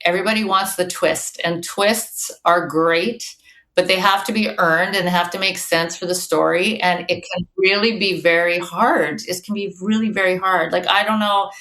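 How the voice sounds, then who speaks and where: Chatty low-pitched woman guest. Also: steady tone, moderate pace, fairly bright tone. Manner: chatty, storytelling with many fillers. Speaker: guest author. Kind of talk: casual podcast conversation.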